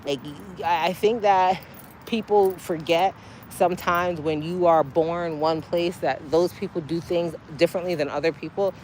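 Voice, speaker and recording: Casual woman streamer with a low-set voice, talking to her chat by a road with light street noise. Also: steady tone, moderate pace, darkish tone. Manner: chatty, talks straight to her chat with sudden high exclamations. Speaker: livestream host. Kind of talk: casual livestream chat to viewers. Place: outdoors by a street, waiting for a ride.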